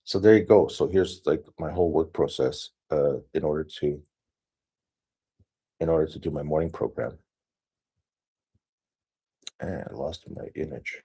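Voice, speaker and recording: A man's voice: a bass voice, a little slow, long pauses, mellow, breathy edge. A man rambling through a casual screen-share walkthrough, thinking aloud with many fillers and restarts. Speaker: solo streamer.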